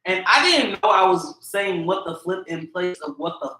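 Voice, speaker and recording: A man's voice: sits high, moderate pace, pushed and bright. A young man co-hosting a podcast, laid-back and laughing often as he trades stories in casual chat. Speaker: podcast co-host. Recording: echoey room.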